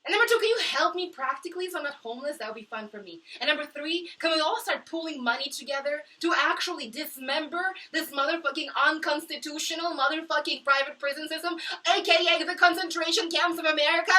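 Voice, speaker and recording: A distressed young woman speaking to camera in her small kitchenette, impassioned and profane, dropping to low mutters and rising to shouts. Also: quick pace, hardly any pauses, recorded from a distance, rough recording. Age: young adult. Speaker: vlogger. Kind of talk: emotional monologue to camera.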